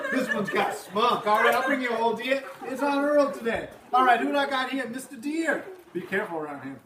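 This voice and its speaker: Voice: medium pitch, pitched above the performer's own voice, natural voice. A teacher playing a folksy, boastful diner cook and waiter who talks in a drawl, taking orders from a group of children. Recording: roomy, distant, noisy outdoor classroom.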